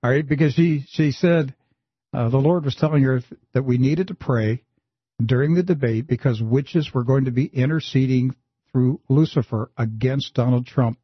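A man hosting a Christian talk show, telling a story in an animated way and often pushing his voice up high for emphasis. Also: normal speed, slightly rough, no echo, lo-fi sound. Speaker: host.

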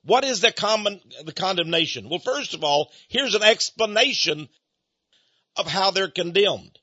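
A man preaching a sermon, emphatic and deliberate with drawn-out stresses, on a dull lo-fi recording. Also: high voice, bright, forceful tone, no room sound. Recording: dull lo-fi sound.

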